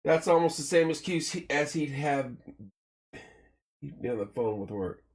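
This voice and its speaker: A folksy man chats through his morning live stream and greets viewers one by one. His pitch swings up and down a lot as he goes, and he mixes jokes with quick sponsor reads. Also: lively intonation. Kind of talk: casual live-stream chat reading viewer comments and sponsor plugs. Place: small home studio room.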